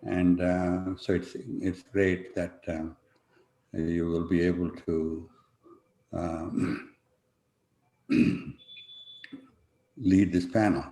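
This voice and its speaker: Slow, halting man on an echoey call. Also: deep voice, level tone, dark tone. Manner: halting, many fillers and restarts. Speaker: conference panel speaker. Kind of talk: online conference talk with slides. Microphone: video call. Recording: echoey room.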